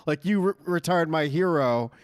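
A man's voice: fairly high pitch, moderate pace, clean tone, dry recording, studio quality. A man in his thirties co-hosting a casual wrestling chat, rambling and jokey with mock-announcer asides. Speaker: podcast co-host.

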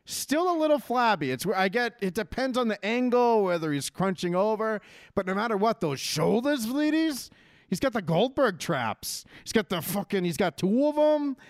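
A brash man chatting in a casual, teasing way with plenty of swearing. His voice sits a bit high, and the sound is dry and close. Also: very animated, moderate pace, no echo. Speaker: podcast co-host. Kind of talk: casual wrestling chat.

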